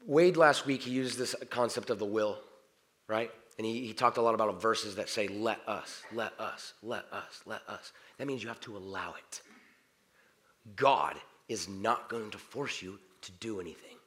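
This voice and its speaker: A man preaching a sermon, animated, swinging from loud exclamations to soft, quiet passages. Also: fairly low pitch, normal speed.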